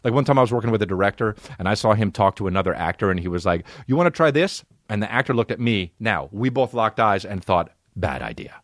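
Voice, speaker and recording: A man's voice: on the low side, fast, hardly any pauses, a bit bright, dry recording, clean studio sound. A man in his forties hosting a podcast, telling profane comic stories and slipping into put-on voices. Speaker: podcast host. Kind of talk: comedic monologue.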